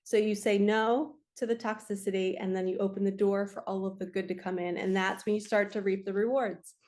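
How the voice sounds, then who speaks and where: A woman's voice: medium pitch, level tone, a little fast, a little mellow. A woman, earnestly giving a casual spiritual card reading. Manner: earnest, emotional, spiritual-coaching talk. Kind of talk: casual tarot-style energy reading.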